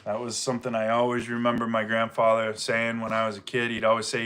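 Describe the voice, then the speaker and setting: Middle-aged man with a mild Maine accent, easygoing livestream host, bright and forceful tone. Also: mid-range voice, completely flat delivery, fast, clean tone. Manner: easygoing, rambling, reads viewer comments aloud. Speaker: livestream host, firewood seller. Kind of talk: casual livestream chat.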